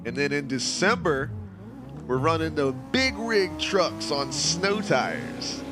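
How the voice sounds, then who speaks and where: A man's voice: on the high side, sing-song, slow, over music. A tired man casually chatting as a game streamer, reading viewers' comments aloud. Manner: laid-back, chatty, reads chat aloud. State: tired, yawning. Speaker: streamer hosting a racing game community. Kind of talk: casual live-stream chat.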